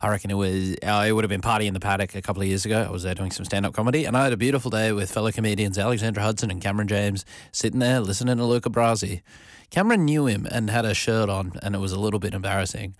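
Young male radio host, slightly low voice, dry close studio mic, loose self-deprecating chat. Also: rapid-fire, dry recording. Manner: chatty, self-deprecating, reads out listener texts. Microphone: studio microphone.

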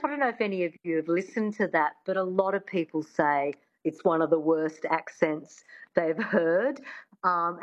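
A woman's voice: fairly low pitch, dull audio. A woman, a coach, speaking eagerly and agreeably as a guest on a radio talk show. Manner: enthusiastic, agreeable. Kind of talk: radio interview.

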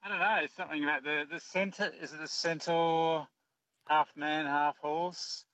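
Bright-voiced radio caller. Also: male voice, on the high side, fairly even intonation, moderate pace, dry recording, dull audio. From Brisbane, Australia. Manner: hesitant, laughing, trails off.

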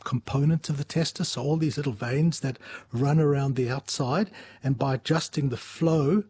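A man as a medical expert guest, giving patient, measured explanations with small restarts. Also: medium pitch, a little mellow, husky. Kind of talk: explanatory interview answers.

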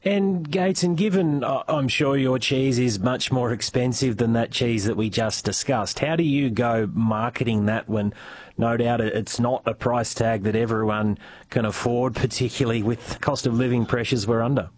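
A man's voice: mid-range voice, steady tone, normal speed, a little mellow, slightly rough. A man hosting a rural radio show, asking questions conversationally with slight hesitations. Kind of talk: radio interview and show wrap-up.

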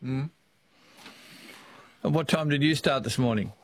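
A man with an Australian accent hosting a casual radio talkback chat, easygoing and quick to laugh. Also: mid-range voice, a little hiss or hum. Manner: chatty, easygoing, laughs often.

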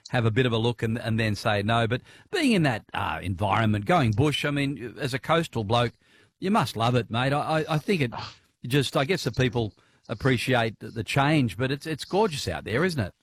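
A man's voice: medium pitch, animated, moderate pace, slightly rough, no echo. Australian male radio host, casual and chatty, dry close mic. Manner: chatty, laughs easily, lots of fillers.

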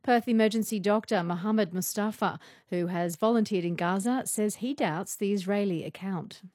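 A woman reading the news in a measured, formal way. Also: mid-range voice, a little mellow, no room sound, studio quality. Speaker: newsreader. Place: radio studio.

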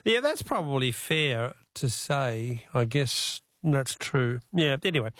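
An Australian man hosting a talkback radio quiz in an easygoing, chatty way, reading the questions out slowly from a studio. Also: mid-range voice, a bit bright, no echo. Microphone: studio microphone.

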